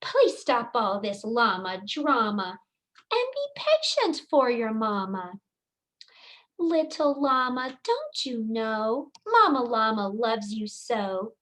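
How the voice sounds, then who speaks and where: Woman reading as a mother llama, gentle, patient, soothing, slow, high voice, storybook. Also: heavily acted.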